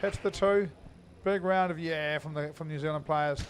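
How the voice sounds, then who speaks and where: Chatty male cricket commentator, higher voice. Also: steady tone, moderate pace, noisy background. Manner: chatty, thinks aloud with many fillers. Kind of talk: live indoor cricket commentary.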